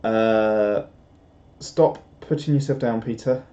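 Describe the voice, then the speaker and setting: In roomy, slightly dull home stream audio, a young man slowly works through viewer comments, chatting casually and putting himself down in a rambling way. His voice is lowish and warm.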